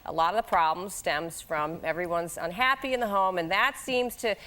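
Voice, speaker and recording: A woman in her forties, a talk show guest, telling animated anecdotes, laughing often and jumping into high voices when she quotes people. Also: normal speed.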